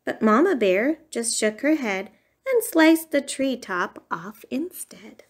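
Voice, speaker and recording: A woman's voice: on the high side, very animated, slow pace. A woman reading a rhyming bedtime storybook aloud in a sing-song way.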